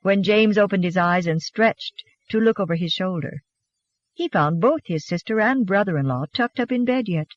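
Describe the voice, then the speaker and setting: An audiobook narrator reading a romance novel in an expressive, gently animated storytelling manner. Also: mid-range voice, moderate pace, no room sound, dull audio.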